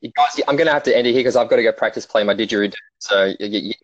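In a lowish voice and at a racing pace, a young Australian man chats as a laid-back, joking podcast guest who keeps stumbling and starting sentences over. There's no room sound, and the recording is dull and lo-fi.

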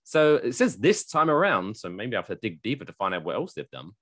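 Podcast co-host, male, lively jokey delivery, pitch swings a lot. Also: fairly quick. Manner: jokey, animated, slips into silly voices. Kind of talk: casual chat.

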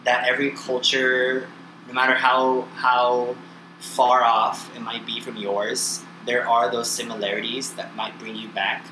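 A man from the United States, a podcast guest, telling stories in casual chat with a relaxed, rambling manner. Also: medium pitch, unhurried. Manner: relaxed, rambling, self-interrupting storyteller. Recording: echoey room with noise.

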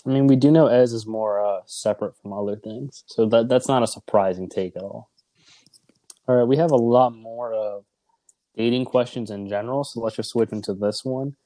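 A man's voice: mid-range voice, moderate pace, mellow. A man co-hosting a casual podcast chat, teasing as he sets up scenarios and leads the questions. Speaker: podcast co-host.

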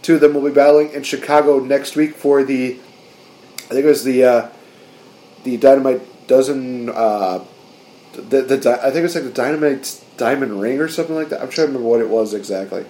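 Male podcast co-host, excitable casual recap, mid-range voice. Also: mid-range voice, brisk. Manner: excitable, acts out quotes in raised voices. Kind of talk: casual wrestling recap chat.

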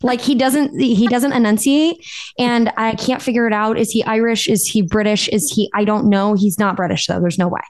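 A woman's voice: on the high side, fairly even intonation, normal speed, darkish tone, no echo, studio quality. A woman co-hosting a podcast, chatting casually in a blunt, teasing way and swearing freely. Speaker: podcast co-host. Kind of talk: casual chat.

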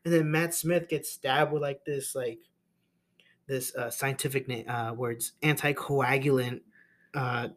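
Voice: mid-range voice, steady tone, unhurried. A young podcast co-host recapping a movie in rambling casual chat, full of "like"s and restarts and frequent laughter.

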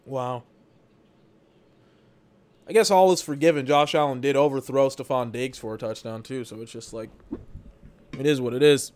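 A man's voice: medium pitch, normal speed, pauses often, darkish tone. A man giving rambling, exasperated commentary while he watches a football game for his podcast, swearing now and then. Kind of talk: live watch-along commentary.

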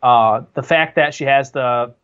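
A man's voice: mid-range voice, measured pace, fairly bright tone, clean tone, dull audio. A man co-hosting a casual movie discussion, talking enthusiastically and rambling with restarts. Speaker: podcast co-host.

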